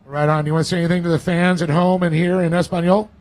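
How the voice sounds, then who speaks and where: A man hosts a live off-road racing event and interviews drivers one after another. His voice is high for a man, and he keeps the energy up the whole time. The interviews are recorded outdoors at the event. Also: fast, low-quality recording. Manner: energetic and hyped, cheers drivers on.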